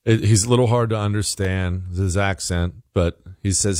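In a clean studio recording with no echo, a US political commentator holds forth in an opinionated monologue. His low, steady, slightly mellow voice moves at a moderate pace while he stresses and restates his arguments as they develop.

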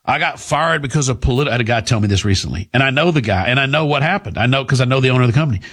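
A man holds forth on his radio show in a blunt, scornful monologue. His pitch swings widely as he argues. His voice carries a slight husk. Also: expressive, very fast, a bit bright, husky. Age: middle-aged. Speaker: talk radio host.

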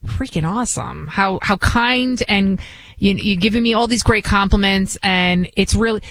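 A woman's voice: mid-range voice, normal speed, a bit bright, low-quality recording. A woman with a Bronx accent, whose first language was not English, guest-hosting a talk radio show in a chatty, rambling, emphatic way. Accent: New York, Bronx. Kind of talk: conversational talk radio monologue.

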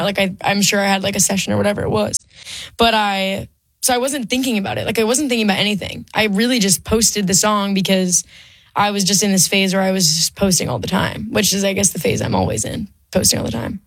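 A woman's voice: medium pitch, steady tone, fast talker, fairly bright tone, dry recording. A young woman, a singer-songwriter guest, talking chattily with lots of "like" fillers. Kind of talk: casual interview chat.

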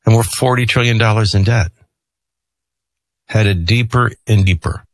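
A middle-aged man hosting a show, rambling between personal stories and opinion rants in an animated way. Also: on the low side, a little slow, dry recording. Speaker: host. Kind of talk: opinion monologue with storytelling.

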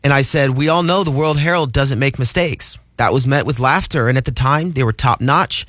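A man co-hosting a talk radio show, briskly reading listener emails and taking calls. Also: medium pitch, a bit bright, no room sound. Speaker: radio co-host. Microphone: studio mic.

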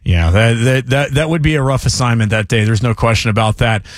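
A man hosting a morning sports talk radio show, speaking in an animated, emphatic way with quick restarts. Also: medium pitch, dry recording, studio quality. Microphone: studio microphone.

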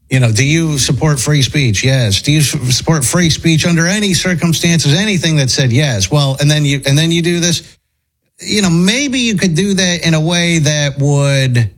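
Husky-voiced man in rambling commentary. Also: on the high side. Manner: rambling, opinionated, lots of restarts. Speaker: podcast host. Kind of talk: casual commentary chat.

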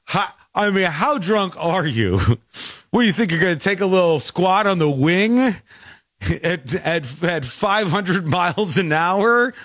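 Lively joking male podcast host. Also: sits high, takes it slowly, no room sound, clean studio sound. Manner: joking, animated retelling with laughs. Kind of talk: casual chat.

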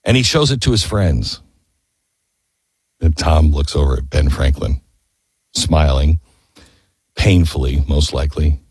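A man's voice: very deep voice, animated, unhurried, long pauses, a little mellow, breathy edge, no room sound, clean studio sound. A man giving an impassioned history talk, telling the story with emphasis and firing off rhetorical questions.

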